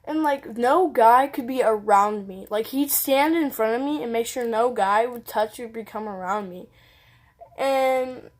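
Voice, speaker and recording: A woman's voice: fairly high pitch, measured pace. A teenage girl telling a personal story on her vlog, rambling casually and saying "like" constantly. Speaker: vlogger.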